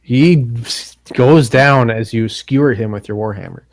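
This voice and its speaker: A man's voice: medium pitch, a little slow, no echo. Dry-voiced man running a tabletop game. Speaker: game master.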